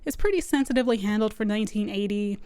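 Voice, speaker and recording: A woman's voice: medium pitch, quick pace, darkish tone, smooth, no echo. A woman giving a chatty film review from home, loose and conversational, often saying "like". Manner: chatty, loose, with frequent "like" fillers. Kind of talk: casual spoken film review. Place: at home with her dog nearby.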